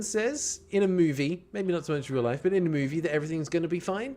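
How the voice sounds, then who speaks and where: A man streams a horror game, commenting casually and chatting playfully with viewers. His voice is fairly high and darkish, fast with hardly any pauses, over faint music.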